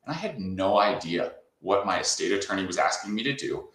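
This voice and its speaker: Brisk and expressive, this Southern California man speaks in a low, fairly bright voice as a guest founder in a relaxed interview. He tells stories, frequently ending lines with "right?", while the audio is poor and full of reverb.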